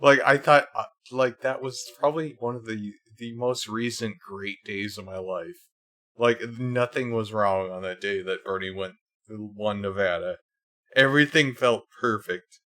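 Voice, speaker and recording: A man's voice: on the low side, measured pace, sharp tone. A man hosting a livestream, ranting casually and angrily, swearing often and leaning on "like" fillers. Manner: heated, profane, many fillers. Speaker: livestream host. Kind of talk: casual political rant.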